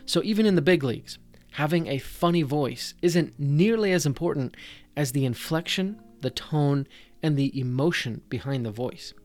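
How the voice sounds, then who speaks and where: A man hosting a podcast, talking directly to the listener in a conversational, scripted way as he gives advice to dungeon masters. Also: on the high side. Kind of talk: scripted tips talk.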